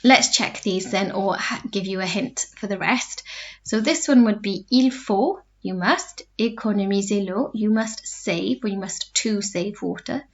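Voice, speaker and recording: A woman French teacher giving a recorded lesson, explaining step by step and repeating phrases slowly. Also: medium pitch. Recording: dull lo-fi recording.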